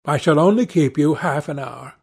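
A man reading aloud, voicing a grave, earnest gentleman painter who speaks with measured seriousness. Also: a little high, vocal fry, slightly rough.

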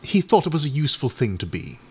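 A man's voice: mid-range voice, big pitch swings, fast talker, a little mellow, husky, pitched above the performer's own voice. A man reading a doubtful, flustered Edwardian uncle. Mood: hesitant. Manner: hesitant, polite, a little flustered.

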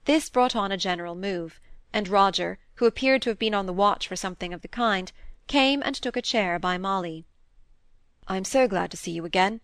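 A woman reads a classic novel aloud as an audiobook, telling the story in a measured, even way. Her mid-range voice is clear and resonant, and the recording is dry.

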